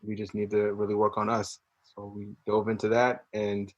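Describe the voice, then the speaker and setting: A man's voice: on the low side, moderate pace, dull audio. A man, a singer as guest, chatting casually in an interview and acting out quotes as he tells stories. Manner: animated storyteller, acts out quotes.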